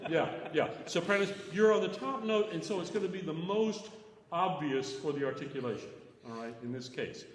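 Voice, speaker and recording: A male choir director coaching singers in rehearsal, talking softly between sung demonstrations and laughing often. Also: on the high side, normal speed. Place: large echoey rehearsal hall with choir. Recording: roomy hall recording from a distance, choir and piano behind.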